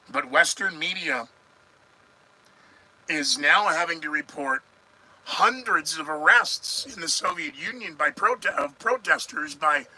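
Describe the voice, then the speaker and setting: A man's voice: a little high, pushed and bright, a little hiss or hum, poor audio. A middle-aged man hosting a live news commentary podcast, sarcastic and rambling, talking back to his viewers as he goes. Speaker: podcast host.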